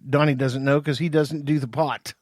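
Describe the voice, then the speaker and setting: A man's voice: fairly high pitch, fairly even intonation, moderate pace, darkish tone, no echo. A man co-hosting a podcast in a studio, bantering and joking in casual chat. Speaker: podcast co-host.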